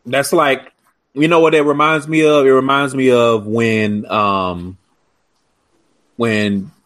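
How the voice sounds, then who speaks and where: A man co-hosting a casual recap chat, talking in a sassy, emphatic and profane way. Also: mid-range voice. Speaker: podcast co-host.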